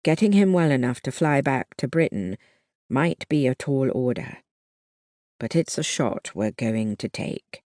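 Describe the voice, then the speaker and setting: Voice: mid-range voice, animated, unhurried, darkish tone, dry recording, studio quality, close to an everyday voice. A narrator voicing a modest, resourceful young man who talks in a plain way.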